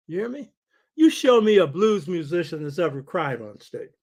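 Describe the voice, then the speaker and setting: An older man with a notably high voice gives a lecture-style talk as host of his show. He speaks in a rolling preaching cadence and keeps checking in with his listeners for agreement. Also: big pitch swings, measured pace.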